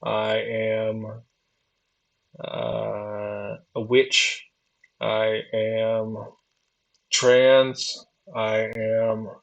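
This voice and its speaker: A man in his forties talks slowly, drawing out a rambling train of thought. His voice has a gravelly, creaky edge. He keeps stopping, restarting and circling back to the same questions. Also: fairly low pitch, completely flat delivery, highs cut off. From United States. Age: 40s. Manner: halting, searching, full of restarts and repeated questions. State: drinking. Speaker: vlogger. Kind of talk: rambling philosophical monologue.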